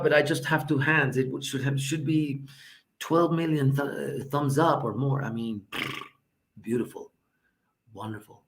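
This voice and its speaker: A man delivers an ironic comedy monologue in a gravelly, creaky voice, heaping mock praise with heavy sarcasm. He halts and restarts often and sinks into whispers, over a faint hiss of background noise. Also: mid-range voice. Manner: halting, with many restarts and drops to a whisper.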